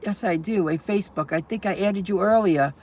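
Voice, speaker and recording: A woman's voice: mid-range voice, fairly quick, a little mellow. A middle-aged woman chatting casually on a live stream into her phone from a parked car, rambling and repeating herself as she answers viewers. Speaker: delivery driver live streamer.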